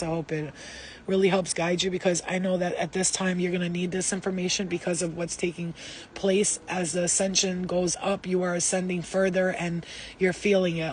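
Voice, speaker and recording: A woman's voice: lowish voice, darkish tone, a little hiss or hum. A woman doing a live psychic reading for her viewers, rambling and emotional, with many restarts. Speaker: psychic reader.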